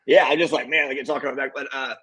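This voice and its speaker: A man in a casual interview, acting out other people's lines as he tells stories from film sets. His voice has a slight husky edge. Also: mid-range voice, racing, rough recording. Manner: animated storyteller acting out quotes. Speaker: film director guest.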